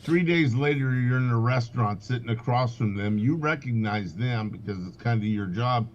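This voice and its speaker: A man's voice: mid-range voice, moderate pace, a little hiss or hum. Man, dry matter-of-fact tone, casual chat, muffled lo-fi sound.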